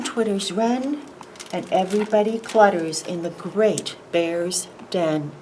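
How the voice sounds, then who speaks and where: A woman librarian reading a picture book aloud at a preschool storytime, animated and sing-song, asking the children questions. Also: medium pitch, measured pace, slight background noise, rough recording.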